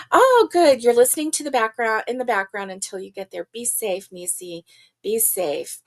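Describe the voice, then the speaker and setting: An older woman talks slowly and easily as she hosts a casual live chat. Her voice sits a little high. She laughs often and greets viewers one by one. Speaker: livestream host.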